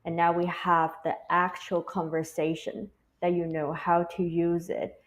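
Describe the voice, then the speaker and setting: A woman with a somewhat low voice explaining her language courses on a live online show. She speaks very slowly, with pauses between phrases as she picks her words. Her manner is patient and careful. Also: level tone, highs cut off, slight background noise. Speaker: course creator. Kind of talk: explaining on a livestream.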